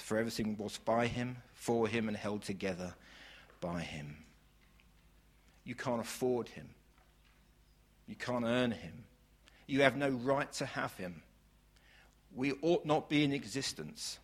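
A male preacher delivering an emphatic sermon at a mid pitch for a man. He rises to loud, fervent declarations, then drops to quiet, drawn-out phrases. He stacks word after word of praise in long lists. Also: animated. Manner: swings from loud declaration to hushed, slow lines.

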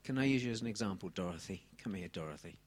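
A man in his thirties from England preaching a sermon on a handheld mic, animated and swinging from soft asides to loud exclamations. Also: deep voice, racing, husky.

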